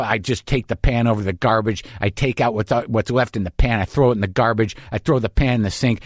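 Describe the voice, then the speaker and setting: Profane, self-deprecating podcast host. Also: male voice, medium pitch, no echo, clean studio sound. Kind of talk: casual comedic monologue.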